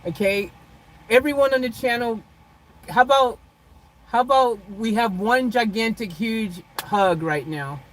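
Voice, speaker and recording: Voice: mid-range voice, unhurried, a little hiss or hum, poor audio. Chuckling livestream host in a vehicle. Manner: chuckles often, playfully dramatic, jumps between loud teasing and soft sincere talk. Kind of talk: casual livestream chat with viewers.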